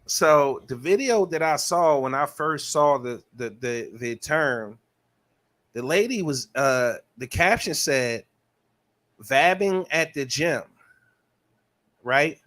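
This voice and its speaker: A man hosts a podcast in loose, crude chat, reading listener comments aloud in a voice. His voice sits a little high for a man. The delivery is animated and profane. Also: slow pace. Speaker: podcast host. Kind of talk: casual chat.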